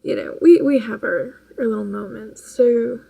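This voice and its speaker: Husky, gravelly-voiced woman vlogger. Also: fairly high pitch, lively intonation, moderate pace, mellow, rough recording. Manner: rambling, laughs often, restarts. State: tired late at night. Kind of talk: casual chat.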